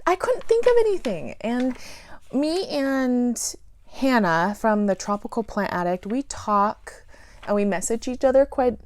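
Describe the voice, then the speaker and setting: Giggly, rambling woman vlogger. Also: mid-range voice. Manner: giggly, rambling, self-deprecating. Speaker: plant YouTuber. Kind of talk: casual vlog chat.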